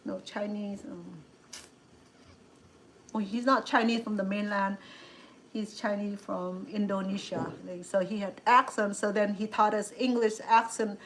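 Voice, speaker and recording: A woman's voice: mid-range voice, little pitch movement, unhurried, background noise. A middle-aged woman with a Cambodian accent, chatting casually as a cooking show host, rambling with many restarts and fillers. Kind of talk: casual chat.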